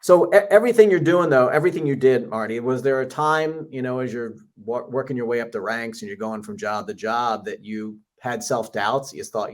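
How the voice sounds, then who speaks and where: A man's voice: medium pitch, a little fast, few pauses. A man hosting a podcast interview who draws out motivational lessons in an encouraging way. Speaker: podcast host. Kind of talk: interview conversation.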